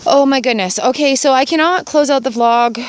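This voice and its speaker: A woman's voice: high voice, fairly quick. Middle-aged woman vlogger, earnest and upbeat, outdoor yard recording with faint noise. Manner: earnest, upbeat, repeats phrases for emphasis. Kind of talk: casual outdoor gratitude vlog.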